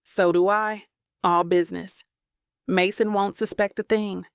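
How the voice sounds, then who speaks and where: A woman's voice: medium pitch, fairly even intonation, unhurried, gravelly, clean tone, dry recording, clean studio sound. A woman voicing a confident, teasing male businessman in an audiobook, speaking with amused self-assurance. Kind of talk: audiobook narration.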